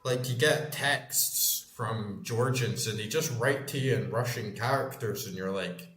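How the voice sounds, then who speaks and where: A man's voice: on the low side, measured pace, a bit bright, echoey room. A Scottish man in his thirties, a gaming streamer chatting casually and rambling as he plays, swearing freely. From Scotland. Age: 30s. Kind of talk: casual chat while gaming.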